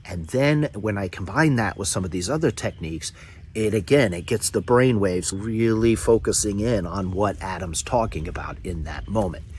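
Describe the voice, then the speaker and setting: Low-voiced emphatic male trainer. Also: darkish tone, slight background noise. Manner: emphatic, varies volume and pauses for effect. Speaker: corporate trainer. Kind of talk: instructional talk to camera.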